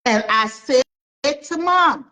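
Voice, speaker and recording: A middle-aged woman author tells family stories in an interview, a high-pitched, expressive storyteller with a sharp tone who takes it slowly and repeats phrases for emphasis. The audio is poor.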